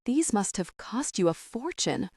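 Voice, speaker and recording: Brief: emotional young wife, soft and whispery, read by a woman. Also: medium pitch, sing-song, measured pace, no room sound, clean studio sound, pitched above the performer's own voice. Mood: shy.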